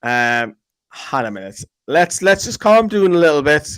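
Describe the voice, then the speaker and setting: A man's voice: fairly high pitch, very animated, a bit bright, clean tone, no room sound, rough recording. A man co-hosting a fan channel, reading viewer comments in rambling casual chat. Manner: chatty, rambling, quick to joke.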